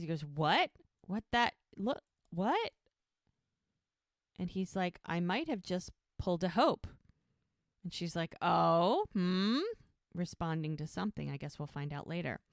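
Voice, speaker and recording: Low, smooth-voiced woman recapping a show. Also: dry recording, studio quality. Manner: retells scenes by acting out lines, laughs often. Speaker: podcast co-host recapping a TV episode. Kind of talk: casual chat.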